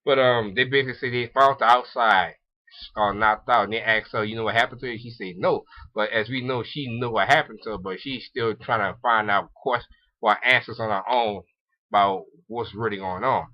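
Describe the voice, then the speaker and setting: A man's voice: lowish voice, normal speed. A young man casually recapping an anime episode in a rambling way, with lots of ums, restarts and frequent laughs. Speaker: anime reviewer. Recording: dull lo-fi recording.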